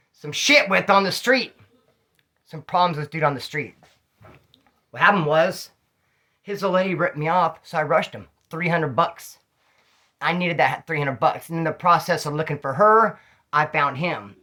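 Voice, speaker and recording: A middle-aged man telling rambling, slang-filled prison stories in a casual, animated way, a little tipsy. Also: on the high side. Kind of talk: casual storytelling to camera.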